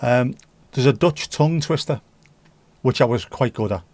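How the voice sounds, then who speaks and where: A man's voice: medium pitch, normal speed, darkish tone, no echo. A man with a Scouse accent from Liverpool, hosting a casual livestream and chatting jokily with his viewers. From Liverpool, England. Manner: chatty, jokey, reads out chat comments. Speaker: livestream host. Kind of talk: casual live chat with viewers.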